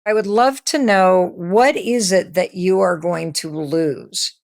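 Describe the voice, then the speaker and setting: Low gravelly woman host. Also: slow. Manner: conversational, laughs easily. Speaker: podcast host. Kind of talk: interview conversation.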